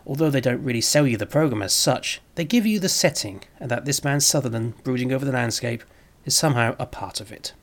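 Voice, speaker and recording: Gravelly man narrating with wry asides. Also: medium pitch, lively intonation, a little fast. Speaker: presenter of a retro TV review. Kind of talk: scripted narration.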